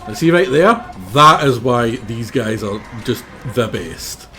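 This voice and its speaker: A man streaming a strategy game live, excitable, swearing casually and talking to his units. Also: mid-range voice, takes it slowly. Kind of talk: live gameplay commentary. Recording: game music behind.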